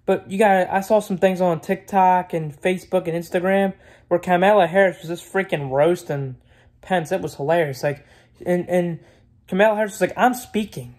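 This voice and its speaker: A man's voice: high-pitched, fairly even intonation, moderate pace, darkish tone. Guy ranting on his vlog, blunt, keeps repeating himself, lots of swearing. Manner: rambling, repetitive, swears freely; blunt and opinionated. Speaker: vlogger. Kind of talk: casual rant to camera.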